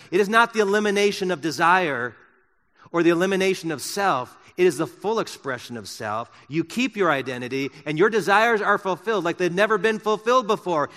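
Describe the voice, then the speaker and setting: A man preaching a sermon in a church, swinging from loud emphasis to soft, slow words. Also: high-pitched, in a large hall. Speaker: pastor. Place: church sanctuary.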